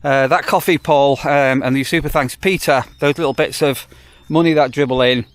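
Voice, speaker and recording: A man's voice: mid-range voice, steady tone, normal speed, dry recording. A man, a campsite warden chatting casually in a rambling vlog with wry asides. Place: on the move, outdoors and in a car.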